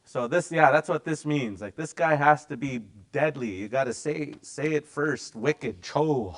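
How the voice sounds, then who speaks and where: A middle-aged man teaching a language class in a relaxed, chatty way. He slowly repeats words for the learners to practice. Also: fairly high pitch. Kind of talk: casual language lesson.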